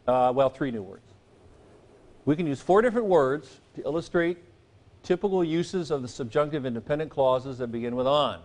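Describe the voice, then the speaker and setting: A man's voice: mid-range voice, moderate pace, darkish tone. A man giving a classroom lecture as a teacher, talking conversationally and often checking in with "okay?" and light asides. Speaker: Greek teacher.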